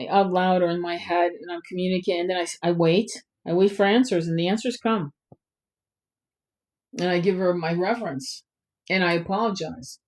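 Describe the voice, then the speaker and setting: A woman hosting a spiritual live stream, guiding a soft, slow meditation and then chatting loosely with many fillers. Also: lowish voice. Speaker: spiritual tarot channel host.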